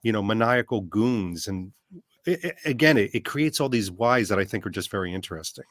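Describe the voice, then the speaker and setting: A man with a low voice speaks as a podcast guest, recorded with a dry, close sound and no room echo. He talks in an animated way and keeps posing rhetorical questions. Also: fairly quick. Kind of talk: casual chat.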